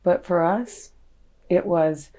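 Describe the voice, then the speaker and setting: A woman's voice: lowish voice, takes it slowly, dark tone. A middle-aged woman, a podcast guest, recounting a painful memory in a raw, earnest way. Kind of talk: personal storytelling in an interview.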